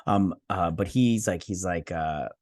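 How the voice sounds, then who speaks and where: A man's voice: low-pitched, measured pace, a little mellow, no room sound, clean studio sound. A man hosting a TV review channel, talking casually to his viewers with lots of fillers and self-corrections. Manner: chatty, addresses viewers directly. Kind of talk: casual spoken episode review.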